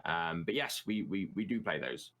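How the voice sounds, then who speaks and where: A man's voice: low voice, animated, normal speed, a bit bright. A British man in casual chat as a guest, explaining words with plenty of ums and restarts. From United Kingdom. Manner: hesitant, many ums and restarts.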